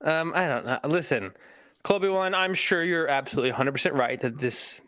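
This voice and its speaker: A man co-hosting a movie stream, telling things in an animated, sarcastic way and swearing freely. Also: a little high, a little fast, no echo. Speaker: podcast co-host. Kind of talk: casual chat about movies.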